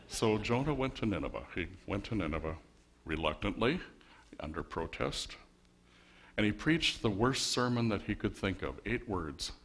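A male pastor delivers a sermon in a low voice. He keeps it wry and conversational and works the congregation with rhetorical questions. He speaks from a church sanctuary. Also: sing-song, moderate pace, a bit bright.

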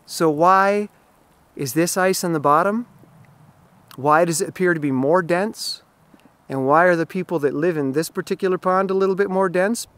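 A man's voice: high-pitched, moderate pace, fairly bright tone, no echo. Emphatic man vlogging outdoors by a pond. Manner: emphatic, explanatory. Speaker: running vlogger. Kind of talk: outdoor vlog monologue.

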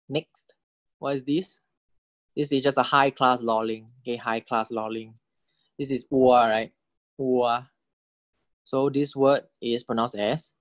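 A man's voice: steady tone, unhurried, pauses often, no echo. Patient male language teacher, dry close sound. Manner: patient, checks understanding with repeated "correct?" and "okay?"; repeats example words several times with rising and falling pitch to model tones. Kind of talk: recorded lecture explaining Thai spelling and tones.

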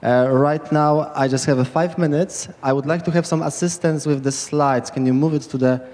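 Sleepless male speaker, halting delivery, fairly high voice, reverberant hall. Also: fairly even intonation, darkish tone. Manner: halting, many fillers and restarts. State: sleep-deprived. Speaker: conference speaker. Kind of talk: informal talk opening. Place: conference hall stage.

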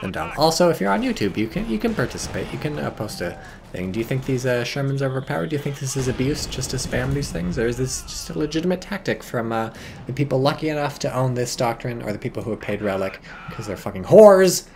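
A man's voice: mid-range voice, animated, quick pace, creaky, a little mellow, slight background noise. A man streaming a strategy game, talking in a rambling, profane, sardonic way and reading out chat messages. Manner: reads chat messages aloud. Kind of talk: casual live-stream commentary.

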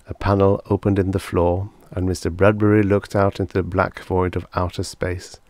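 A man narrating a vintage science fiction story as an audiobook, measured and unhurried through the descriptions. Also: low-pitched, level tone, darkish tone, no echo.

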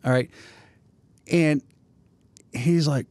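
A man's voice: fairly high pitch, normal speed, no room sound. A man telling a story in casual chat, acting out the voices of the people in it. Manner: animated storyteller, acts out voices. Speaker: guest storyteller.

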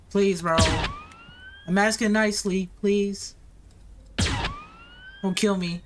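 A woman's voice: mid-range voice, fairly even intonation, slow, long pauses. A woman narrating her own horror game play, nervous and pleading, talking in slang. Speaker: gamer. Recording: noisy recording.

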